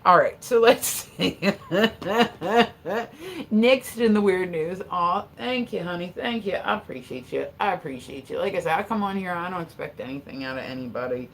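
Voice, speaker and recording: Woman livestream host, casual rambling chat, gravelly low voice. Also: lively intonation, normal speed, slight background noise. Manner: chatty, rambling, swears freely, laughs often.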